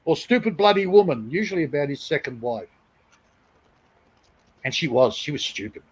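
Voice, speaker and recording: A man's voice: mid-range voice, expressive, normal speed, slightly rough, poor audio. Crude, blunt man. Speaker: live stream host. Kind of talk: casual chat.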